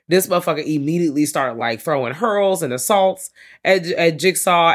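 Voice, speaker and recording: Animated slangy podcast co-host. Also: male voice, fairly high pitch, moderate pace. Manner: animated, swearing, slangy storytelling. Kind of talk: casual chat recapping films.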